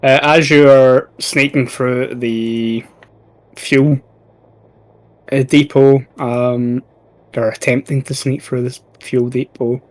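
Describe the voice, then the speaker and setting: Man, game master, slow deliberate narration, hesitant fillers, mid-pitched. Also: flat delivery.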